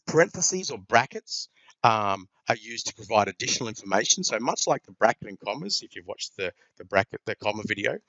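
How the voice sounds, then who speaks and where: A man's voice: fairly low pitch, big pitch swings, brisk, a bit bright, no echo, highs cut off. A man teaching a grammar lesson, explaining punctuation with many ums and repeated words.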